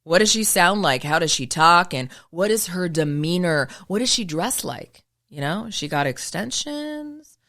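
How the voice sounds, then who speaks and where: A woman hosting her own show, speaking in a polished broadcaster voice with crisp enunciation, emphatic and full of rhetorical questions. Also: on the low side, lively intonation, a little slow, fairly bright tone. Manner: emphatic, asks rhetorical questions and answers them. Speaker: podcast host and former news broadcaster. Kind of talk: motivational monologue.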